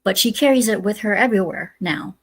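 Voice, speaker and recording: A woman's voice: medium pitch, lively intonation, a little fast, vocal fry, breathy edge, dry recording. A woman hosting a casual movie review podcast, retelling scenes step by step with lots of "uh"s. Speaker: podcast host.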